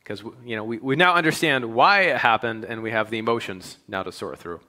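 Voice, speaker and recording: A man preaching a sermon in a bright, forceful voice at an ordinary pitch. He stacks repeated phrases with mounting emphasis, then falls back into low, confiding asides to his congregation. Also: brisk. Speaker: pastor.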